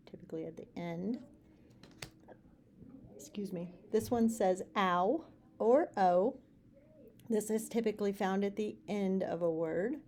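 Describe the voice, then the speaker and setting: A middle-aged woman teacher explaining letter chunks in a phonics lesson, patiently repeating each sound slowly and clearly. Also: medium pitch, warm tone, slight background noise. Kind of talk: phonics lesson for students and parents.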